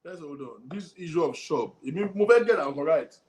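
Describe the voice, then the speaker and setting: A man with a Nigerian accent hosting a show, commenting in a measured way on a clip and on viewer comments. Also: fairly high pitch, lively intonation, darkish tone. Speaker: host.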